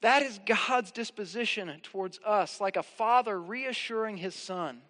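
A man's voice: high voice, measured pace, a bit bright, long reverb tail. A man preaching a sermon as pastor, earnest and reassuring, with emphatic rises.

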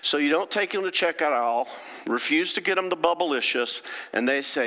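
A man's voice: on the high side, animated, moderate pace, pushed and bright. A middle-aged man, a therapist giving a folksy, chatty talk to an audience and checking in with them often. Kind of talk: lecture to an audience. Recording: long hall reverb.

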